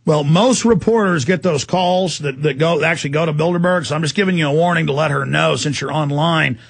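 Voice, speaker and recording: A man hosts a radio interview in a high, gravelly, husky voice. He pushes his points hard and urgently. The studio sound is dry and close. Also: no room sound. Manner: forceful, urgent, rapid asides. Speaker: radio host.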